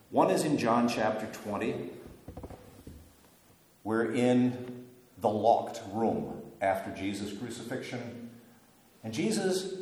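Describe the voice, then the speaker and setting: A man preaching in a lively, swooping voice, retelling the story with dry jokes tossed in. His voice rings out through a big hall with a long, roomy echo. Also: mid-range voice. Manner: animated storytelling with wry humorous asides. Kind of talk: sermon. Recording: echoey hall with long reverb.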